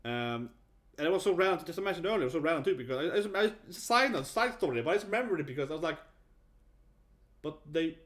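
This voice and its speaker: A Swedish man in his thirties tells a story in a loose, casual vlog style. He is blunt and animated, and his voice sits a little on the high side. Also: rapid-fire. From Sweden. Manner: animated, blunt, swears and laughs often. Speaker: vlogger.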